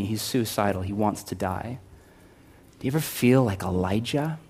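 A man preaching a sermon, conversational and animated, swinging from loud to hushed with humorous asides. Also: fairly low pitch, normal speed, slightly rough. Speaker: pastor.

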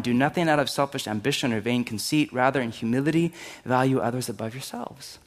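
A middle-aged man pastor preaching a sermon in an emphatic, energetic way, climbing to loud high peaks and dropping to quiet low stretches. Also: a little fast. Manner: energetic, emphatic preaching with sudden rises in pitch and volume.

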